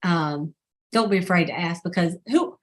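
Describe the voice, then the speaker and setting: A woman's voice: lowish voice, normal speed. Chatty woman telling stories. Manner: chatty storyteller who acts out quoted dialogue. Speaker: sales director hosting a team call. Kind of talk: casual motivational team call.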